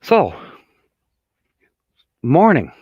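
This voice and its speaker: A man's voice: fairly high pitch, huge pitch swings, drawn-out words, a little mellow, breathy edge, no room sound, lo-fi sound. A man hosting a casual livestream chat, rambling in a folksy way and laughing at his own jokes. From Michigan. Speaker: livestream host.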